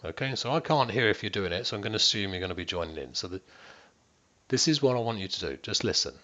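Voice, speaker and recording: Here a wellbeing coach, a man, steers listeners through guided stress management, often pausing to check on them as he speaks directly to them. Near-whispers and slow, elongated words serve as his demonstrations. His voice sits on the low side, bright and pushed, with lively intonation, and the audio is dull.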